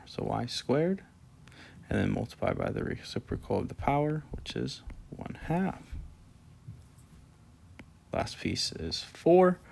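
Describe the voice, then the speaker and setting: Gravelly-voiced man teaching a math lesson. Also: mid-range voice, darkish tone. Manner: casual, talks through steps as he writes. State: yawning, sleepy. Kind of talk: screen-recorded math lesson.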